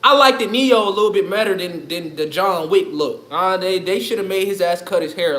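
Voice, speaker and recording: A man's voice: high voice, normal speed, hardly any pauses, pushed and bright. A man ranting on his livestream in a loose, profane, rambling way, laughing often. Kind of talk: casual livestream rant. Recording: echoey room.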